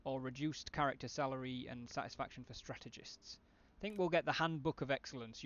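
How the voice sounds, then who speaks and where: A man's voice: mid-range voice, fairly quick, hardly any pauses, a bit bright, dull audio. A man thinking aloud with wry asides as he streams a strategy game live.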